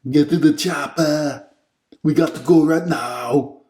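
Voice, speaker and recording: A man's voice: a little high, slow pace, a little mellow, reverberant, pitched above the performer's own voice. A man putting on a clumsy impression of a famous muscle-bound action-hero, barking commands with a shaky imitation accent. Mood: barking urgent.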